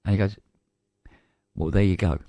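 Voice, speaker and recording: A man's voice: low voice, fairly even intonation, moderate pace, mellow, dry recording. A man with a British accent, co-hosting a casual live-stream chat and telling a story by acting out both sides of a conversation. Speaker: co-host.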